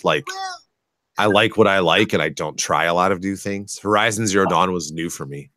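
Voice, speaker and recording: Podcast co-host, male, low pitch, excitable and rambling, dry close recording. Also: moderate pace, no echo. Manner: excitable, rambling gamer talk. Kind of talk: casual chat.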